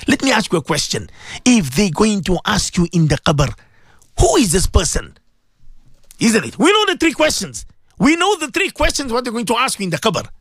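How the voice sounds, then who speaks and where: A man's voice: high-pitched, big pitch swings, fairly quick, fairly bright tone, no room sound, studio quality. A man preaching on the radio, impassioned and pleading, repeating his points. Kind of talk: radio sermon.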